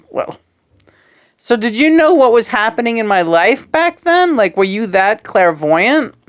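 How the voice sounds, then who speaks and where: Frank rambling woman in her sixties. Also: on the low side. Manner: frank, profane, rambling with many fillers. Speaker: host of a puppet show. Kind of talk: casual candid conversation.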